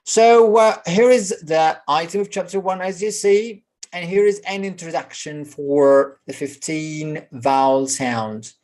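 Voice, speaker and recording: A woman with an Egyptian Arabic accent, a native Arabic speaker, teaching English pronunciation in an online lesson and drawing out slow model words between fillers. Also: lowish voice, a little mellow.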